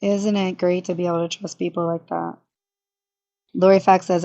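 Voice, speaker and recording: Sarcastic lower-voiced woman streaming. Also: flat delivery, normal speed, pauses often, warm tone. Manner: chatty and sarcastic, frequent laughs and self-interruptions. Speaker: commentary streamer. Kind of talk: casual livestream commentary.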